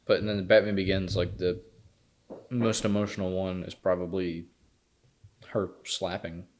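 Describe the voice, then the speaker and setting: A man co-hosting a podcast, reviewing films in casual chat and retelling scenes with lively quoted lines. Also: low-pitched, unhurried. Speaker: podcast co-host.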